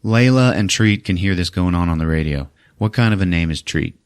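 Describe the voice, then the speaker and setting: Low-voiced man recapping a movie. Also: fairly quick, clean tone. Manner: profane, laughing, acts out scenes in voices. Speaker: podcast host.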